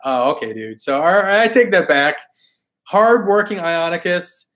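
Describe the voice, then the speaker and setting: A hoarse man who is losing his voice, hosting a toy collecting live stream in a laid-back, slangy way as he answers viewer comments. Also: high-pitched, sing-song, normal speed, a bit bright. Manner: laid-back, chatty, slangy, often laughing.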